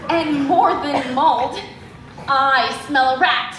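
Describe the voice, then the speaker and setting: A woman's voice: sits high, slow pace. A woman playing a prim, innocent young maiden with theatrical, old-fashioned speech on an amateur stage. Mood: indignant. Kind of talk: amateur stage comedy acting. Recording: echoey live hall with faint noise.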